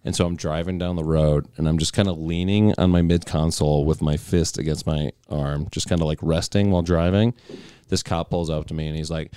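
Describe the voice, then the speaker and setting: A comedian telling a story in casual chat, blunt and swearing. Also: male voice, deep voice, steady tone, fast talker, mellow, smooth, dry recording, clean studio sound. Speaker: comedian guest.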